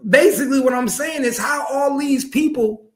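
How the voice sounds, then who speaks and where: A man's voice: very high-pitched, moderate pace, reverberant. A man in a casual chat, speaking hesitantly with stammers and fillers.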